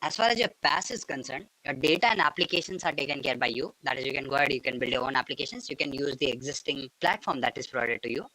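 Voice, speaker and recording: Bright-voiced man explaining tech concepts. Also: mid-range voice, expressive, quick pace, few pauses, dry recording, low-quality recording. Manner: patient, repeats filler phrases like "go ahead" and "and all those things". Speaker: instructor.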